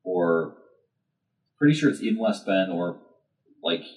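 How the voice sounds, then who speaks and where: A man's voice: low voice, expressive, slow, a little mellow. A man telling a rambling story on a podcast, hesitant and full of fillers. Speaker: podcast co-host. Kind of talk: casual chat.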